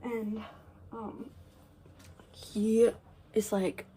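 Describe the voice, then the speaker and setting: A teenage girl rambling through a casual get-ready-with-me story, full of "like" and "um", with quiet asides. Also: fairly high pitch, flat delivery, drawn-out words, slight background noise. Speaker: vlogger.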